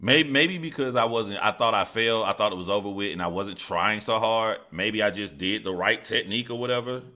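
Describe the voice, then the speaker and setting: A man's voice: fairly low pitch, a little fast, pushed and bright. A man hosting a live stream, telling stories in a casual, profane, rambling way and reading out viewer chat.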